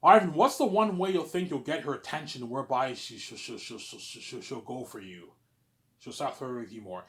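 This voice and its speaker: A man talks through a casual vlog monologue, rambling and repeating himself as he stammers into each thought. His voice sits at a mid pitch and swings from loud, excited bursts down to low mutters. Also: a little fast. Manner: rambling and repetitive, with frequent stammered restarts. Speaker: vlogger. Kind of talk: casual monologue, answering his own questions.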